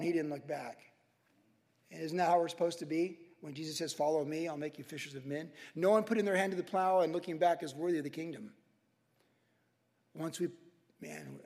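A man preaching a sermon as pastor, emphatic and animated, repeating phrases for stress. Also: fairly high pitch, vocal fry, big-room sound.

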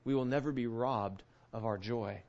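A man's voice: medium pitch, normal speed, creaky, a little mellow. A man giving a conversational Bible teaching, earnest, often checking in with his listeners and restarting his words. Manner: earnest, keeps asking "right?", restarts words. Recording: dull lo-fi recording.

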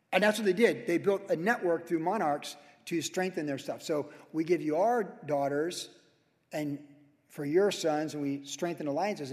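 A man teaches through scripture in a lively, conversational sermon and punches certain lines with sudden loud emphasis. His voice sits a little high. The sound rings with the long reverb of a church hall. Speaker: pastor. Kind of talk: verse-by-verse sermon.

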